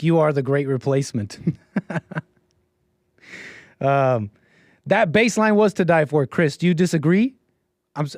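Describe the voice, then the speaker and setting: A man's voice: medium pitch, a little mellow, no echo, clean studio sound. A man hosting his own livestream, talking in a rambling, sarcastic way with restarts and laughs. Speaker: streamer and show host. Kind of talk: casual livestream monologue.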